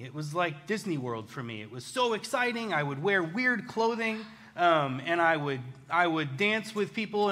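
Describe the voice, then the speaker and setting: A man tells a personal story in a casual, chatty way, poking fun at himself as he goes. His voice sits a little high for a man and has a bright, forceful edge. He keeps it animated. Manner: self-deprecating, chatty, animated.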